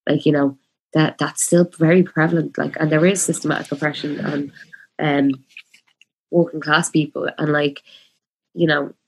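A woman's voice: low-pitched, flat delivery, slight background noise. Passionate Dublin woman in her twenties. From Ireland. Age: 20s. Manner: passionate, talks fast with many fillers. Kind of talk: casual chat.

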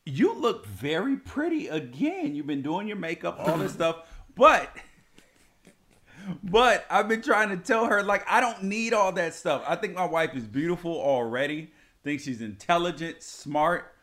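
A man's voice: high-pitched, expressive, a little slow, fairly bright tone. A young man, co-host of a couple's chat show, talking in a playful, affectionate, easygoing way about his wife. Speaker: co-host, husband.

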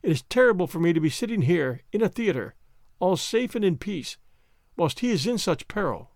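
A man's voice: sits high, very animated, normal speed, dry recording, clean studio sound. A man voicing a grieving older French countess who speaks broken English with a French accent. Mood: anguished.

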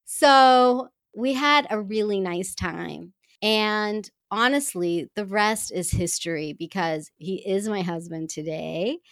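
A woman at a middle pitch tells a personal story to her listeners. Her delivery is earnest and heartfelt, with expressive rises and drops. The voice sounds dry and close, with no room around it. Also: takes it slowly, few pauses, no room sound. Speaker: speaker addressing women listeners.

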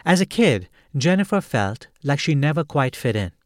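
Animated male host introducing a story. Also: a little high, moderate pace, no echo, studio quality. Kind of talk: scripted narration.

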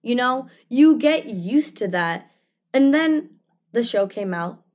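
A woman's voice: fairly high pitch, expressive, takes it slowly, darkish tone. A young woman, an actress, speaking passionately in an interview, emphatic and full of "like" and "you know". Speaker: actress guest. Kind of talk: interview conversation.

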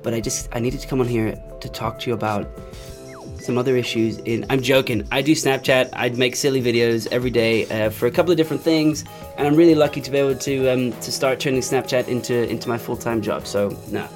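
A man's voice: medium pitch, fairly even intonation, fast talker. A man guesting on a show as a comedian, joking about himself and stumbling a little over his words. Faint music sits under his voice. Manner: self-deprecating, hesitant with fillers. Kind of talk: casual interview talk.

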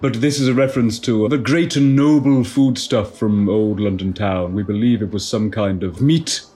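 A man's voice: lowish voice, moderate pace, warm tone, natural voice. A man playing a pompous, self-satisfied tour guide in a comedy audio sketch, talking in a mock-learned way.

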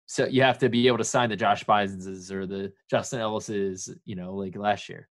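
A man's voice: lowish voice, fairly even intonation, moderate pace. A man co-hosting a casual sports podcast, chatty and playful, given to banter. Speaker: podcast co-host.

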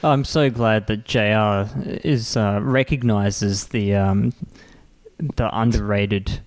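A man co-hosting a comedy podcast, offering halting, giggly commentary. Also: on the low side. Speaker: podcast co-host.

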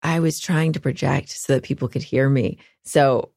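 A woman hosting a podcast with a low, gravelly voice, recorded close and dry. She talks through her notes in a chatty way, tossing in self-deprecating jokes. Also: steady tone, moderate pace, darkish tone, no room sound. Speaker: podcast host. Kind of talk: scripted podcast intro.

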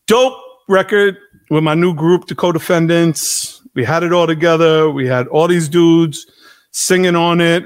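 A man hosting a casual chat, animated and joking, with some swearing. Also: a little high, brisk, clean tone. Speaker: host.

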